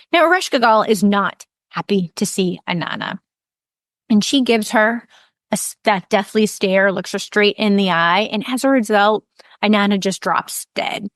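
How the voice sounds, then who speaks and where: A woman hosting a podcast, retelling an ancient myth in a calm, measured storytelling voice. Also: medium pitch, no echo, studio quality. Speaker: podcast host.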